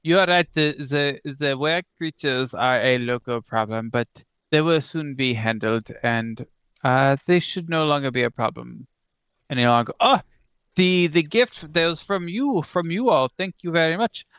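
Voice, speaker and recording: A man voicing a smooth, sinister male tower patron who sips wine, speaking with a halting put-on accent. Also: mid-range voice, steady tone, fairly bright tone, no echo, dull audio. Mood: smug.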